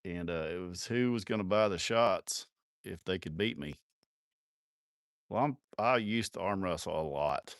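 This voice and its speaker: Man, lowish voice, dry close sound, profane, laughing storyteller. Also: a little slow, dry recording. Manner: rowdy, profane, laughing through his stories. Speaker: live streamer telling stories. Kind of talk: casual storytelling.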